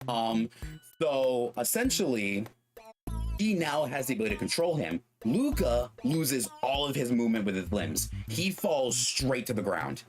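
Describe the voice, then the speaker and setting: A man's voice: mid-range voice, big pitch swings, normal speed, soft background music. A man streaming a game, casually telling a long story with lots of "like" and acting out the characters' voices. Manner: rambling, full of fillers, acts out quoted voices. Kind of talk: casual storytelling while gaming.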